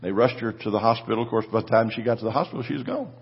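A pastor in his seventies telling a testimony in a sermon, his voice rising to shouted declarations. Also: medium pitch, rapid-fire, slightly rough, highs cut off.

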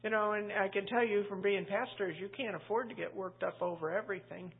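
A woman's voice: medium pitch, steady tone, brisk, husky. A woman pastor teaching a Bible study in a chatty, anecdotal way, full of asides. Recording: tinny phone-like line.

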